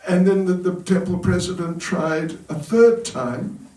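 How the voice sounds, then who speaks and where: A monk in a temple hall tells light, humorous stories and chuckles at his own jokes. His speech is unhurried and slightly high for a man. The echoey room and the distant mic leave him sounding far off. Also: dark tone. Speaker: monk giving a talk at a temple. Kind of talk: storytelling sermon.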